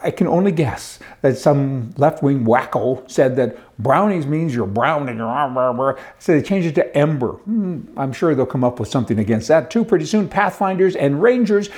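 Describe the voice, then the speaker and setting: A man's voice: fairly high pitch, a little mellow. A man hosting an opinionated monologue, rambling and scornful, with chuckles and restarts. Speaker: commentary show host.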